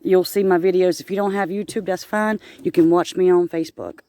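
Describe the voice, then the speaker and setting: A woman's voice: lowish voice, fairly even intonation, a little fast, warm tone, no room sound. A woman, talking casually to her viewers as she films a walk through a swamp on her phone. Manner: chatty, exclaiming at the scenery. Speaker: vlogger. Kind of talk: casual walking vlog. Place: outdoors on a swampy nature walk. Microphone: handheld phone camera. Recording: faint background noise.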